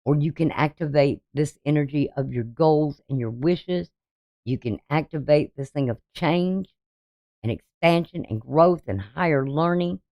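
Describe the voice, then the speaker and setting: A woman astrologer talks her viewers through a coming forecast. Her voice sits somewhat low, and the sound is dry with no room around it. She is emphatic and a little preachy, leaning on rhetorical questions to drive her points home. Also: measured pace, no echo, dull audio. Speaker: astrologer and tarot reader.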